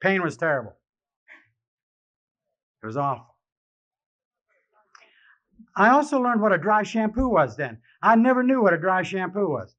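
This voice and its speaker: Wry, halting man on a dull archival recording. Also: high-pitched, a bit bright. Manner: wry and self-mocking, turning halting and emotional with many restarts. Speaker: speaker sharing his recovery story. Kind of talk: live personal testimony speech. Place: convention hall.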